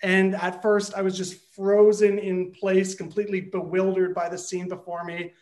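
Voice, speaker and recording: A man performing a comic personal story with lively, animated delivery. He builds the tension slowly and then bursts out in loud, shouted moments, playing his own panic for laughs. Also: sits high.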